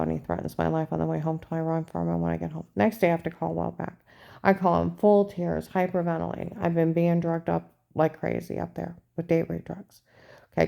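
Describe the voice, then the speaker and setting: Low gravelly woman, aggrieved monologue. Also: dark tone. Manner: agitated, aggrieved, repetitive. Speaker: vlogger recounting a personal ordeal. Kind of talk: rambling first-person monologue.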